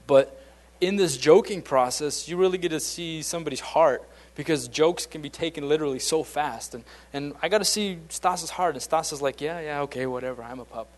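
A man's voice: fairly high pitch, normal speed. A man giving an informal, conversational sermon, often restarting his sentences and acting out the voices he quotes. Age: adult, beyond his late teens. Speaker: preacher.

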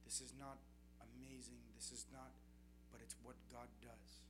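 A man's voice: mid-range voice, normal speed, over loud music. A young adult man preaching a sermon, telling testimonies in an earnest storytelling way. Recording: noisy recording with steady background noise.

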